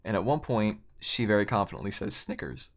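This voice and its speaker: Guy streaming a game, lowish voice, rambly and laughy, keeps restarting his sentences. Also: fast talker. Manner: rambling, self-correcting, laughs between lines. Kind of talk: casual storytelling while gaming.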